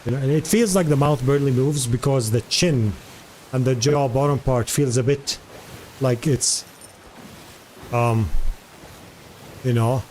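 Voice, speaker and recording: A man streaming live, talking loosely and chattily at a desk mic in a mid-pitched voice. He wanders between thoughts, fills gaps with "uh" and "like", and answers his chat as he goes. A faint hiss of ambience sits under the voice. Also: unhurried, pauses often, a little mellow. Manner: rambling, chatty, many fillers, answers chat.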